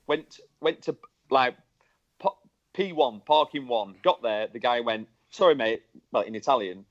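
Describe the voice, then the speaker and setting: A man co-hosting a podcast, telling an animated story and mimicking the people in it. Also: mid-range voice, unhurried. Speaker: podcast co-host. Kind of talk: casual chat. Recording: dull lo-fi podcast audio.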